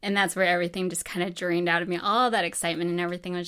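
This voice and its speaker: A woman's voice: lowish voice, little pitch movement, racing, few pauses, pushed and bright, clear, resonant tone. A woman from New Mexico telling her own story in a casual, chatty way, full of fillers and acted-out dialogue. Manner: chatty, many fillers, acts out quoted dialogue.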